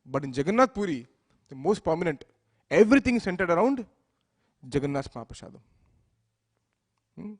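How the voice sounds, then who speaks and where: Male preacher, fairly high voice, storytelling sermon that acts out dialogue with loud bursts. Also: sing-song, a little fast, long pauses. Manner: acts out the deities' speech with rising loudness, asks listeners "right?". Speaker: speaker giving a temple lecture.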